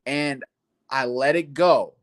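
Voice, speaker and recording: A man's voice: mid-range voice, takes it slowly. A man giving casual, profane livestream commentary, peppering his talk with "man". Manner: casual, slangy, profane, says "man" often. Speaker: YouTube livestreamer.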